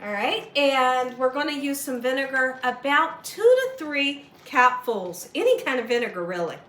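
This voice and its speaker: A woman's voice: high voice, very animated, normal speed, a bit bright, roomy sound, a little hiss or hum. A woman hosting a home cooking demonstration, chatty and coaxing, often checking in with "okay?" and "right?". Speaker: cooking show host. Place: home kitchen.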